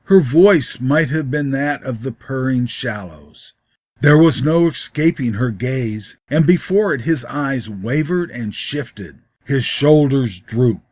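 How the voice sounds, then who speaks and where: A man reading a short story aloud in a measured, expressive way. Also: mid-range voice, no echo, clean studio sound. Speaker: story reader. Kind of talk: storybook narration.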